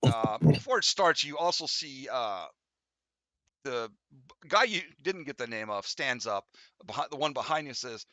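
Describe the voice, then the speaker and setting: A man's voice: mid-range voice, animated, normal speed, bright, forceful tone, dry recording. A man narrating as game master of a tabletop game, rambling with fillers and restarts as he describes the scene. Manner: rambling, full of fillers and restarts, voices the figures lightly.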